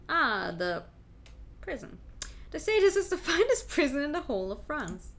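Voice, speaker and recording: A woman's voice: sits high, big pitch swings, normal speed, creaky, slight background noise. A woman casually commenting on a game and reading it aloud, with giggly asides and casual swearing. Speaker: streamer. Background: game background music.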